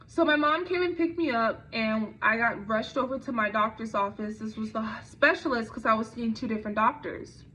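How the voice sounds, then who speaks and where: A woman's voice: a little high, normal speed, few pauses, sharp tone, a little hiss or hum. A young woman telling a personal story in a conversational way, with frequent fillers and restarts. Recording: dull lo-fi recording.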